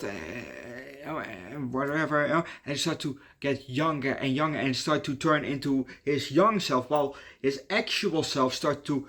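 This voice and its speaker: A man gives a casual movie review in a loose, offhand manner, rambling with lots of fillers and frequently trailing off to restart his sentences. His middle-pitched voice is a bit bright, and his tone stays conversational throughout.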